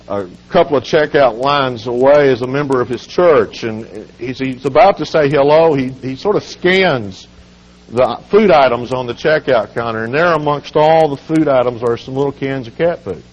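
A hoarse man with a cold, speaking as a guest at a children's home and telling humorous stories in a relaxed, folksy way. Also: medium pitch, normal speed. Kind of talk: folksy storytelling sermon. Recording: dull lo-fi recording.

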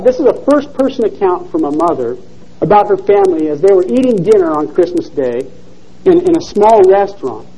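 A male preacher delivers a sermon, reading a first-person story aloud with earnest expression. His voice sits high and mellow with a husky edge. His pitch rises and falls widely as he tells the story. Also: rough recording.

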